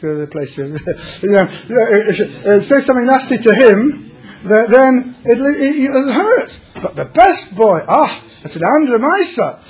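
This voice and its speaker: A man's voice: high voice, a little mellow, slightly rough. A man teaching a religious class, telling stories and mixing in Yiddish and Hebrew terms.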